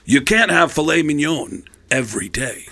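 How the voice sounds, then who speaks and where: Man doing a smug, low-key rock star lecturing, bright voice. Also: expressive, normal speed, gravelly, exaggerated voice. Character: smug male rock star giving advice.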